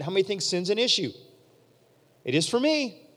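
A man preaching a storytelling sermon, animated and acting out the voices of people in his story. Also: high voice, moderate pace. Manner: animated, acts out quoted voices. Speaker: pastor. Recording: long hall reverb.

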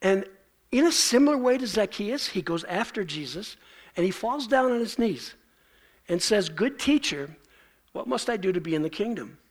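Man, pastor, sermon, conversational preaching, gravelly fry, high pitch. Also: animated, normal speed. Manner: conversational preaching, acts out quoted lines.

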